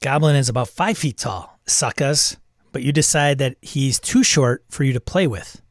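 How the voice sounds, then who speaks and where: A man's voice: mid-range voice, normal speed, no echo, studio quality. A man hosting, reading a text adventure aloud and reacting, wry and self-amused, chuckling at the game. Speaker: host.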